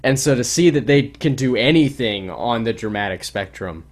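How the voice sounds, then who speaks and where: Rambling animated podcast guy. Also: mid-range voice, moderate pace. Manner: rambling, animated, lots of restarts. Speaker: podcast co-host. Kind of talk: casual chat.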